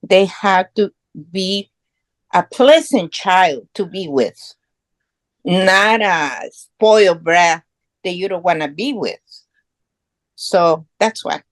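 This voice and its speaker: In a lowish, expressive voice and at a slow pace, a middle-aged Guatemalan podcast guest tells her story conversationally. Her English is earnest, proud, and non-native in phrasing, and the recording is dry.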